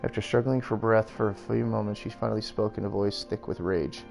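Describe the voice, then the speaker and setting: A man's voice: fairly low pitch, fairly even intonation, brisk, vocal fry, few pauses, a little mellow, soft background music. A man reading a novel aloud on a stream, mixing plain narration with wry side comments.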